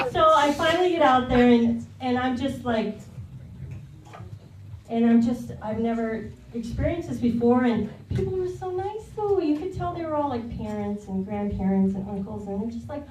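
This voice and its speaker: A woman's voice: fairly high pitch, animated, measured pace, a little mellow, echoey room, recorded from a distance, a little hiss or hum, rough recording. A woman in her thirties doing a stand-up set on a comedy club stage, telling a rambling, confessional story. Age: 30s.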